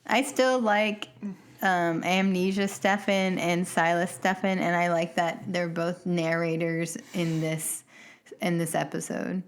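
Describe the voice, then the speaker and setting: A woman's voice: fairly low pitch, level tone, slow pace, smooth. A woman co-hosting a podcast, laughing often as she chats about a TV show and acts out characters' lines. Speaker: podcast co-host. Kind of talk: casual chat about a TV show.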